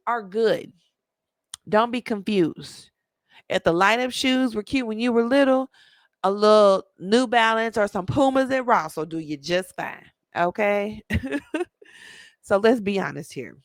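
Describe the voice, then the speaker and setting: A woman's voice: mid-range voice, no echo. A middle-aged woman talking casually to her viewers, chatty, emphatic and a little preachy. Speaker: parenting vlogger. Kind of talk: casual monologue to camera.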